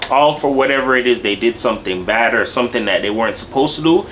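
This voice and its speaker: A young man in casual reaction commentary, talking in animated street slang and tagging his lines with "bro" and "dog". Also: mid-range voice, fast talker, slight background noise. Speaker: video commentator.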